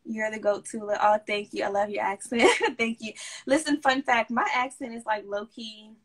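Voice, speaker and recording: Chatty woman with a mixed DC-Southern accent. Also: on the high side. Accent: mixed DC, Baltimore and Southern US. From DMV area, United States. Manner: chatty, upbeat, talks fast when excited. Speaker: live-stream host. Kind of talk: casual live-stream chat reading comments.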